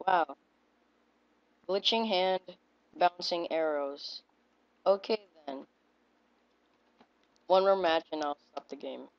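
An excitable woman giving casual commentary over a game she is playing, repeating short exclamations as things happen. Her voice sits low and she talks at an unhurried pace, recorded on a dull, lo-fi home microphone. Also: gravelly, no echo. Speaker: gaming video creator.

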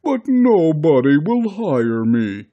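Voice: medium pitch, very animated, takes it slowly, lo-fi sound, voice pushed up, heavily acted. A narrator voicing a whiny, defensive big blob creature. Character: big sulky corn-eating blob creature. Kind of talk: storybook reading.

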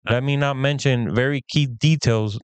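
A man in his thirties talks casually as a podcast co-host and puts on the voices of the people he quotes. His voice is smooth and clear, at a mid pitch. The sound is dry and close. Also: moderate pace, dry recording. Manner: animated, acts out quoted dialogue. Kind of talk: casual storytelling chat.

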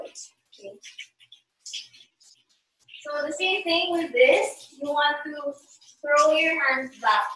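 Dance teacher, woman, high bright voice, counts beats slowly, roomy and distant recording. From Philippines. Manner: counts beats aloud, checks in with okay. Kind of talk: online dance tutorial.

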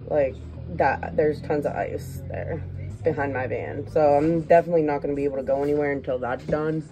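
A young woman filming a casual day-in-the-life vlog in her apartment, talking to viewers and often calling them "guys". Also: low-pitched. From United States. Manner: chatty, often says "guys". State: low, emotional, near tears. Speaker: vlogger, single mother. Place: apartment at home, indoors.

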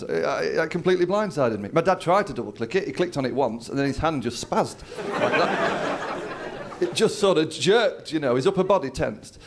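A man's voice: on the high side, animated, moderate pace, slight background noise. Man telling a stand-up story. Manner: storytelling, acts out his dad's lines. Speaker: stand-up comedian. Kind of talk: stand-up routine. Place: comedy venue with a live audience.

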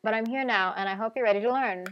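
A woman's voice: on the high side, quick pace, muffled recording, lightly acted. Sprinkles, a woman doing a fussy dog professor. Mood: formal. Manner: formal lecturing tone. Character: fussy male dog professor, tired and pompous.

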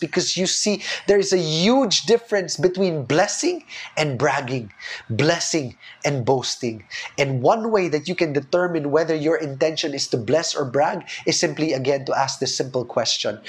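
High-voiced man preaching with fervor. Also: normal speed. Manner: earnest and animated, repeating key phrases. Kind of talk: sermon.

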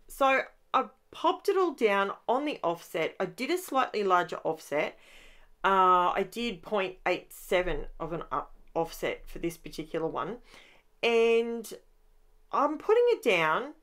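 A woman with an Australian accent, chatting through a voiceover of her own scrapbooking process in a lively, animated way. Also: mid-range voice, unhurried. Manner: chatty and animated, with rising exclamations and laughs. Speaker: scrapbooking channel host. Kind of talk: voiceover narration of a crafting process.

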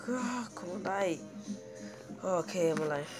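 Over loud game music, a woman with a lowish, expressive voice narrates her gameplay live at a measured pace. She sounds panicky and pleading, talking to herself as she plays.

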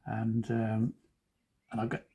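A man's voice: fairly low pitch, monotone, slow pace, warm tone, breathy edge, highs cut off. A man who is a cartoonist, talking casually while he draws and making joking, self-deprecating asides. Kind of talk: chatty drawing commentary.

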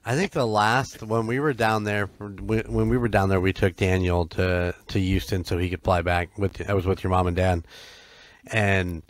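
A man's voice: sits low, steady tone, normal speed, dry recording. A man co-hosting a podcast in a laid-back casual chat, laughing often. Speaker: podcast co-host.

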